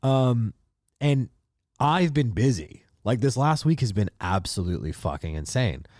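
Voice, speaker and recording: A young man hosting a podcast, telling a courtroom story in a ranting, heavily swearing, animated way into a close mic. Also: medium pitch, a little slow, dry recording. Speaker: podcast host. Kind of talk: profane comedic storytelling.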